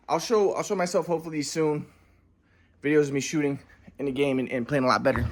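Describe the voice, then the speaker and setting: A man's voice: a little high, a bit bright, a little hiss or hum. A man telling his own story in a rambling way, restarting sentences and repeating words. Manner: acts out quotes of others. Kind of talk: casual storytelling monologue.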